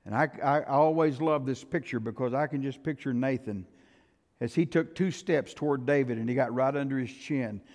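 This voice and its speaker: A male pastor preaching a storytelling sermon, swinging from loud outbursts to hushed tones. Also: medium pitch, normal speed. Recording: reverberant hall.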